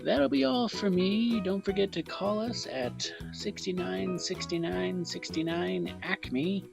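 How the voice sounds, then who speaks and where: A man voicing a shady male infomercial salesman in a comedic mock ad, with a hammy, swooping pitch. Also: slow, vocal fry, music in the background, full character voice. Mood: chirpy.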